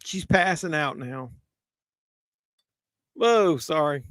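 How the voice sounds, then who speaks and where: A man with a Southern drawl chats loosely through a movie watch-along, cracking jokes while he drinks. His voice sits a little high and comes across smooth and clear. The sound is dry, with no room around it. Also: moderate pace, pauses often, no room sound. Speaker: livestream host.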